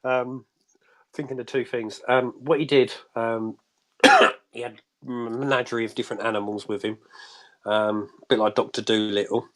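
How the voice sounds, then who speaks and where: A man's voice: mid-range voice, steady tone, moderate pace, fairly bright tone. Rambling male guest on a phone. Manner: rambling and chatty, with many restarts and chuckles. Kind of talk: casual chat on a live show.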